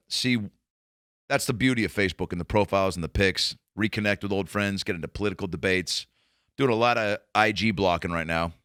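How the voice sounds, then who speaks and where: A man hosting a comedy podcast, talking in a casual, profane, animated monologue and acting out quotes in raised voices. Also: sits low, no echo, studio quality.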